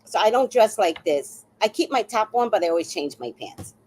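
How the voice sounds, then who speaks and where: A woman's voice: medium pitch, normal speed, a little hiss or hum, low-quality recording. A woman in her sixties hosting a live stream, chatting casually and telling stories with laughter and the odd swear word. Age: 60s. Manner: animated, laughing storyteller who swears casually. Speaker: livestream host.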